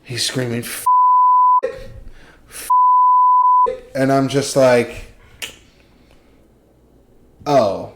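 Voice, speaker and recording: A man's voice: mid-range voice, level tone, drawn-out words, pauses often, heavy background noise. A young man co-hosting a podcast, ranting and joking in a loose, profane, rambling way. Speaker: podcast co-host. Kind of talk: casual podcast chat.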